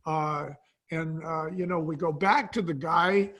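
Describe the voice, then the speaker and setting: A man's voice: on the high side, fairly even intonation, measured pace, a bit bright. A man telling a business anecdote as a guest, animatedly acting out the people he quotes. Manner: storyteller who acts out quoted dialogue with frequent "he says". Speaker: guest, wine brand cofounder.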